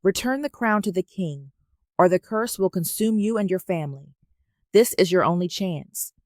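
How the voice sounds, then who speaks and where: A woman voicing a calm, stern old male prophet in a folktale, speaking low and grave. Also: moderate pace, no echo, studio quality, close to an everyday voice.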